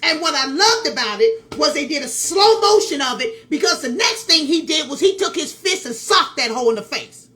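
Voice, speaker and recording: A woman's voice: high-pitched, animated, moderate pace, bright, forceful tone. A woman vlogger telling a story in casual commentary, emphatic, repeating phrases and talking straight to her viewers. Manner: talks straight to viewers with asides.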